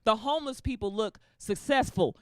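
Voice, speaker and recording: A woman with a slightly high voice speaks at a moderate pace during a stand-up comedy set. She tells animated stories and acts out the voices of the people in them.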